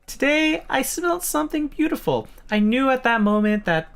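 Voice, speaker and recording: A man voicing a scheming, sweet-talking schoolgirl in a high, swooning falsetto. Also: sing-song, moderate pace, gravelly, fairly bright tone, smooth, exaggerated voice.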